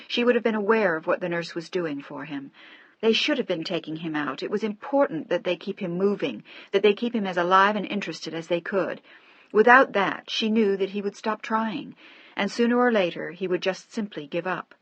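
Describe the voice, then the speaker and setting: Give me a woman narrating a novel in a steady, measured way, dry and slightly muffled sound. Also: medium pitch, no echo. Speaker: audiobook narrator. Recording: dry, slightly dull audio.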